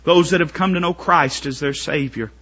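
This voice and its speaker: A man preaching a sermon to his congregation, building up to shouted, strained pleading climaxes. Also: fairly high pitch, moderate pace, husky, highs cut off.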